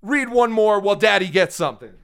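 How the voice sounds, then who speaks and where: A man guest hosting a live stream, joking loudly and calling himself Daddy while thanking viewers, speaking over a phone. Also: high voice, expressive, fast talker, gravelly, smooth. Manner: boastful, calls himself Daddy, jokey and loud. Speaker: guest host. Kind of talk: casual live-stream banter.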